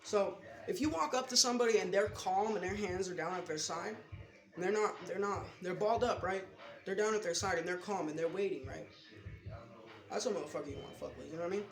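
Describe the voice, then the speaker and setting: A man's voice: high-pitched, quick pace, a crowd in the background. A young man in his late teens telling rambling, profane, slangy stories in a casual vlog from his bedroom. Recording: echoey room with music behind.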